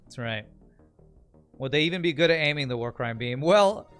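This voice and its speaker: A man's voice: fairly high pitch, lively intonation, moderate pace, a bit bright, clear, resonant tone, faint music behind. A man streaming a strategy game, chatting casually, joking and thanking viewers as he plays. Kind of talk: casual live-stream commentary.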